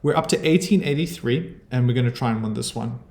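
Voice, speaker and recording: A man's voice: mid-range voice, fast, creaky, darkish tone, reverberant. South African man talking through chess. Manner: chatty, thinks aloud about moves. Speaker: chess streamer. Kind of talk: casual commentary over his own chess game.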